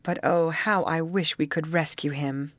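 A woman's voice: low voice, fairly even intonation, unhurried, no room sound. A woman voicing an anxious young woman who speaks in a wistful, earnest way. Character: anxious young woman longing for her brother.

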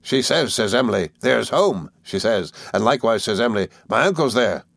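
A man's voice: animated, moderate pace, gravelly, fairly bright tone, dry recording, full character voice. A man doing a hearty old fisherman. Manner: broad rustic dialect, booming laughs. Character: hearty old male fisherman, warm and jovial.

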